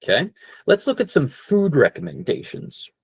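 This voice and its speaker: A male English teacher giving an online lesson, slowing down to model phrases and repeating them for practice. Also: fairly high pitch, huge pitch swings, dry recording. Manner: slows down to model phrases clearly; corrects himself and repeats for practice. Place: online class.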